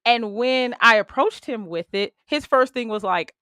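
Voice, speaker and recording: A woman hosting a podcast in casual chat, telling stories in a matter-of-fact, animated way. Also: on the high side, measured pace, no echo, clean studio sound. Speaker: podcast host.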